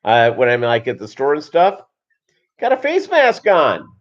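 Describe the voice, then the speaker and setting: A man's voice: mid-range voice, huge pitch swings, a little slow, muffled recording. A man hosting a casual livestream chat, rambling and jokey, with lots of fillers. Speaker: show host.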